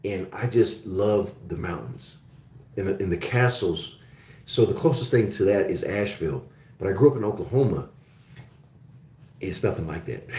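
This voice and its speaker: A man's voice: on the low side, mellow, echoey room. A man from Germany hosting a casual live-stream chat with viewers, friendly and rambling, with many fillers and restarts. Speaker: show host.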